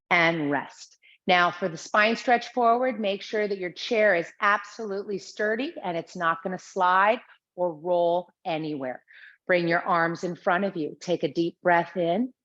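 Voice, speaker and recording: Slow, calm woman cueing exercises. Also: on the low side. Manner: calm, steady cueing of breath and movement. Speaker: Pilates instructor. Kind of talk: guided exercise class instruction. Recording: slightly dull lo-fi sound.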